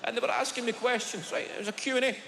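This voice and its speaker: High-voiced Glaswegian comedian, sweary. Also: male voice, steady tone, creaky. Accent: Glaswegian Scottish. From Scotland. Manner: sweary, storytelling, quick asides. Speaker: stand-up comedian. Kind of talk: stand-up routine. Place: large theatre with live audience. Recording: echoey live hall with loud audience laughter.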